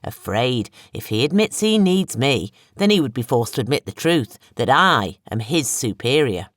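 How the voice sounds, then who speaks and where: An audiobook narrator voicing a calm, compassionate man who speaks in a quiet, measured, sympathetic way. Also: mid-range voice, dry recording, studio quality, close to an everyday voice.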